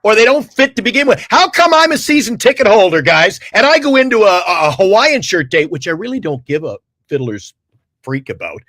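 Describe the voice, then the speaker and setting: A man hosting a sports talk show, exasperated and animated, with crude asides. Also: high voice, fairly quick, no echo, studio quality. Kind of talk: heated casual sports talk.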